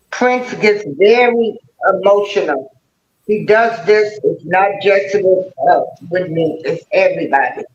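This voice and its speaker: A woman hosting a livestream, speaking slowly and calmly as she tries to settle a heated debate. Her voice sits a bit high. The audio sounds echoey and dull, like a muffled stream feed. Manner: calm, placating. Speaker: livestream host. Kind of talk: moderating a debate.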